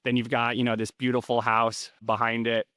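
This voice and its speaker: Guest in his 30s; casual, rambling talker; smooth tone, dry close recording. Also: medium pitch, monotone, fairly quick, sharp tone, dry recording. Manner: rambling, filler-heavy, restarts often. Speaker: interview guest, rental investor. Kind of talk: casual interview chat.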